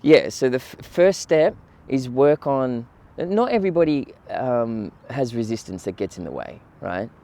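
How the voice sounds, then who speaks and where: A man giving a relaxed, conversational outdoor talk on gratitude, often checking in with his listeners. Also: mid-range voice, unhurried, gravelly, hardly any pauses. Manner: relaxed, conversational, frequent "right?" and "you know". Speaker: meditation teacher. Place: outdoors by the water on a windy morning.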